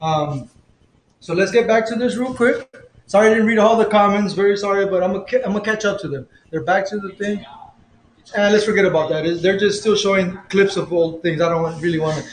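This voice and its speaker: A man's voice: high voice, a little fast, reverberant, rough recording. A man hosting a casual livestream, chatting in a rambling, self-correcting way while drinking a beer. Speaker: livestream host.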